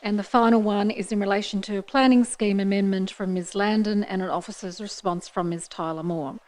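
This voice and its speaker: A woman's voice: medium pitch, fairly even intonation, darkish tone, poor audio. Woman chairing a council meeting. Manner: brisk procedural chairing with light asides. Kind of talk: formal meeting procedure. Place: council chamber. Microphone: desk microphone.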